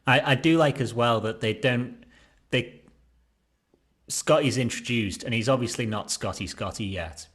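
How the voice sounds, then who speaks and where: A man's voice: medium pitch, a little slow, a bit bright. A man co-hosting a podcast in casual chat, laid-back with dry quips and many short agreements. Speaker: podcast co-host.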